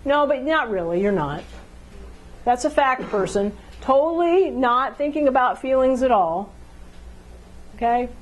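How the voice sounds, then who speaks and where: A woman's voice: a little high, expressive, muffled recording, slight background noise. A woman giving a conversational talk on how couples communicate, now and then acting out both partners in an argument. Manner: conversational, acts out quick role-play exchanges. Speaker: relationship speaker.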